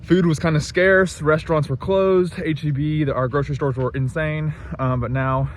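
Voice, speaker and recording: A man's voice: on the high side, fairly even intonation, moderate pace, slight background noise. Laid-back man vlogging outdoors. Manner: laid-back, rambling, lots of ums. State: a bit out of breath. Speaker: pressure washing business owner. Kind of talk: casual vlog narration. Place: outdoors at a rural job site.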